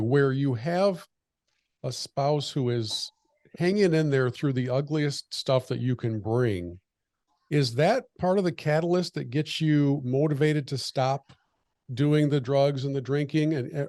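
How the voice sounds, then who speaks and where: A man's voice: mid-range voice, darkish tone, no room sound, clean studio sound. A man hosting a podcast who asks his guest long, searching questions. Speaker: podcast host. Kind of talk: interviewing.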